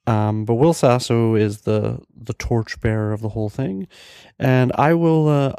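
A man's voice: medium pitch, a little slow, creaky, dark tone, smooth, no room sound, clean studio sound. A young man hosting his own podcast, chatting casually and enthusiastically, rambling with fillers and restarts. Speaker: podcast host. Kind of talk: casual solo podcast talk.

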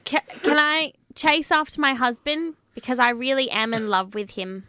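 Bright high-voiced giggly woman player. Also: normal speed, no room sound, studio quality. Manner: giggly, playful, hesitant. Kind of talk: improvised tabletop role-play. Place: studio.

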